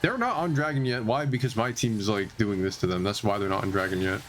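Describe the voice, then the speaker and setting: A man giving heated, exasperated commentary over his own gameplay footage. He talks in restless pitch swings and packs his speech with filler words. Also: fast, slight background noise. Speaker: gamer reviewing his own matches.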